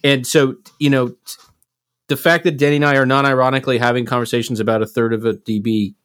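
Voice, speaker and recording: A man's voice: medium pitch, steady tone, fast talker, a bit bright, no echo. A man co-hosting a casual podcast, talking in an earnest, reflective way with some loose swearing. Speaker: podcast co-host, live sound engineer. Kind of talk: casual chat.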